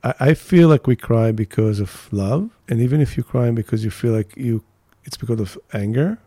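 An older man co-hosting a podcast with his son, talking in a slow, musing way and dropping softer on his key words. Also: medium pitch, dry recording. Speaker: co-host, father of the host. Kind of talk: reflective podcast conversation.

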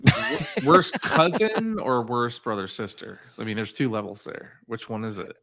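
A man co-hosting a sports podcast in casual chat, tossing off deadpan wisecracks that trail off quietly. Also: medium pitch, measured pace, no room sound. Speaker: podcast co-host.

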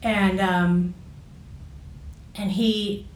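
A woman telling a personal story in a halting way, full of fillers and restarts. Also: mid-range voice, steady tone, distant mic, a little hiss or hum. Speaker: guest recounting a personal experience. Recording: echoey room, voice off mic.

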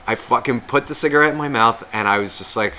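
With crowd noise in the background, a man of medium pitch speaks at a quick pace. He's a sick podcast co-host sharing a drawn-out, profane, self-mocking tale and voicing the other characters in a casual storytelling exchange.

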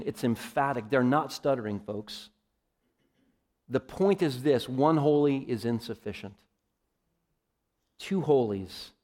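Emphatic male preacher addressing his congregation. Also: mid-range voice. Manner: emphatic, varies loudness widely, addresses listeners as folks. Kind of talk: sermon.

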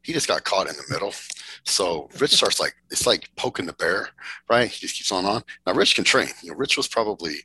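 Cast: very low, raspy man, casual podcast storyteller, swears freely. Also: expressive, fairly quick, sharp tone, poor audio. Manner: laid-back drawl, swears freely, laughs through stories. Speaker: podcast guest, bodybuilder.

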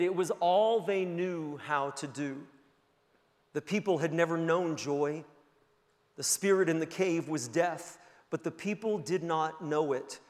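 A pastor preaching a sermon and telling a story, earnest and building to emphatic peaks. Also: male voice, a little high. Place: church sanctuary. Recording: long church-hall reverb.

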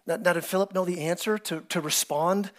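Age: adult. Sex: male. Role: pastor. Style: sermon in a church, conversational and animated, acting out characters. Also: high voice, fairly quick. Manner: animated storytelling, acting out biblical characters with excited voices; conversational, repeats words and restarts often. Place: church sanctuary.

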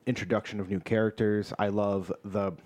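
A man's voice: fairly low pitch, little pitch movement, normal speed, darkish tone. A man hosting a casual podcast chat, talking eagerly and at length about his favorite games.

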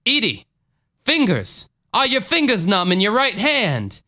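A man putting on the voice of a theatrical faith-healing preacher, with a booming, sing-song preaching cadence. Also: wildly swooping pitch, a little slow, bright, forceful tone, full character voice. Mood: commanding. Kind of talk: casual chat.

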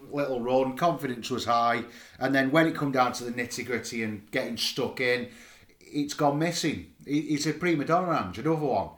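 A man talks through a football match with a co-host in a blunt, exasperated way. His voice sits at an ordinary middle pitch for a man. The room gives it a noticeable echo. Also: fairly bright tone. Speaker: podcast co-host. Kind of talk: casual football fan chat.

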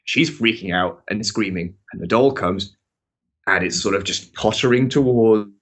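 A man telling a story in casual chat, animated, swearing and laughing often. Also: lowish voice, normal speed. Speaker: podcast regular telling a story.

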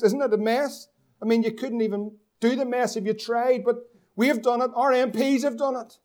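A man's voice: extremely high pitch, warm tone. A man from preaching a sermon as pastor, asking the congregation questions and drawing out key words for emphasis.

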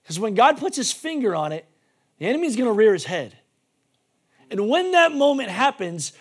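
A male pastor preaching a sermon emphatically, swinging between shouting and hushed tones. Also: high-pitched, very animated, normal speed, pauses often, slightly rough.

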